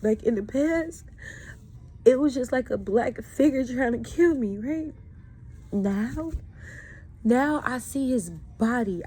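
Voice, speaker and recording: Woman vlogger with a slightly high voice, raw and emotional, pouring out her story to camera. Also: warm tone, a little hiss or hum. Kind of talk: candid personal vlog monologue.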